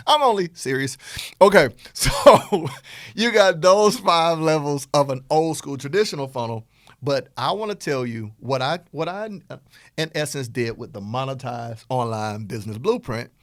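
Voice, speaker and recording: A middle-aged man with a Southern US accent, hosting a podcast and giving an energetic motivational business talk in a playful, animated way. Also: mid-range voice, moderate pace, no echo, clean studio sound. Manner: animated, playful, acts out dialogue in quotes. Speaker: podcast host and business coach.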